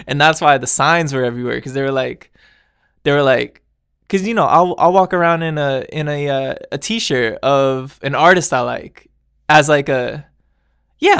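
A man's voice: mid-range voice, vocal fry, a bit bright, clean tone, no room sound, studio quality. A man hosting his own podcast, talking in a loose, rambling way, laughing often and trailing off mid-thought. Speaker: podcast host. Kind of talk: casual solo chat.

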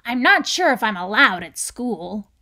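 Personified anger spirit, sly, hushed, woman reading aloud, slow, gravelly edge. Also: on the high side, sing-song, full character voice. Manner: conspiratorial, later soft and whispery. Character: personified Anger, a male spirit friend, hotheaded then tired.

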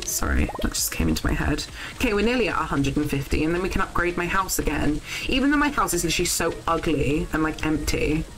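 Lively, excitable woman streamer. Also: fairly low pitch, low-quality recording. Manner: excitable, swears freely, chats to viewers. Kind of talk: casual live game commentary.

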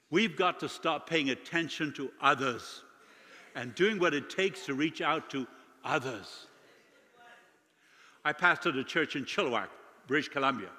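A man's voice: a little high, lively intonation, unhurried, bright, forceful tone. A male guest preacher telling stories in a sermon, acting out dialogue in a church with a long echo. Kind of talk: sermon storytelling. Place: church sanctuary. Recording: long church hall reverb.

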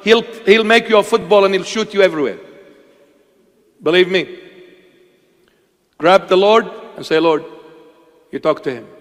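Man preaching, high voice, impassioned, emphatic, long hall echo. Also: normal speed, long pauses, fairly bright tone. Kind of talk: sermon.

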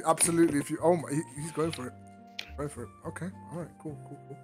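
A man hosts a loose, joking interview, stumbling and repeating words as he teases his guest. His voice sits a bit high for a man. Faint music plays behind him. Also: steady tone, fast. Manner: laughing, teasing, stammers and repeats words. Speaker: interview host. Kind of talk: casual comedic interview. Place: virtual world game chat.

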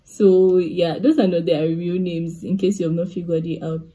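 A young woman telling a casual storytime vlog, chatty and animated, full of asides and laughs. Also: on the low side, moderate pace, husky. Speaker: vlogger.

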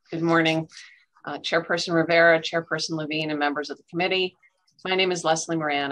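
A woman executive reading prepared testimony in a formal, measured way over a video call. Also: sits low, fairly bright tone, low-quality recording. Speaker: health plan association executive.

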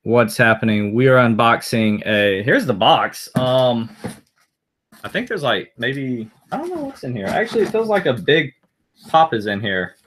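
A man hosting a casual live stream, chatting in a rambling, easygoing way and responding to viewers' messages. His voice sits at an average pitch but rises and falls a lot as he talks. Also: big pitch swings, moderate pace, fairly bright tone, slight background noise. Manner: rambling, answers viewer comments aloud.

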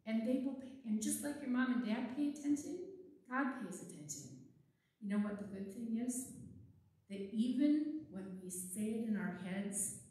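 A woman with a fairly high voice gives a children's sermon, coaxing the kids along with question after question. She sounds distant from the mic, and the church around her rings with a heavy echo. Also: lively intonation, normal speed, mellow. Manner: playful, coaxing, asks the children many questions. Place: church sanctuary. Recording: echoey church from far off.

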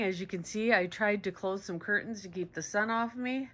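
A woman's voice: mid-range voice, moderate pace, hardly any pauses, a bit bright. A woman, host of a home vlog, chatting casually while grooming her dog indoors and cooing at it between asides. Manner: chatty and rambling, coos at the dog. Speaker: dog owner and channel host. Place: indoors at home, sunny room by windows. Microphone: camera set up nearby.

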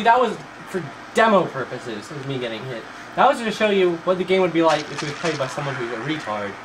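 A man doing profane, mocking commentary over gameplay, swinging into fake excitement and yelling at enemies. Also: fairly high pitch, noisy background. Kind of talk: sarcastic let's-play commentary.

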